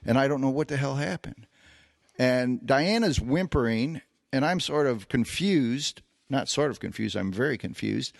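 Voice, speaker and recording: Co-hosting a podcast, a man recounts a lengthy personal story casually, with lots of fillers and false starts. He speaks at normal speed in an expressive, medium-pitched voice with vocal fry, captured dry with clean studio sound.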